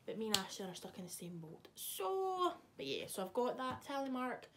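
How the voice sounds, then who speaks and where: A young woman vlogs to camera in a casual chat, swearing freely and teasing someone off camera. Her voice sits a little high with big pitch swings, at a moderate pace. Heavy background noise runs underneath.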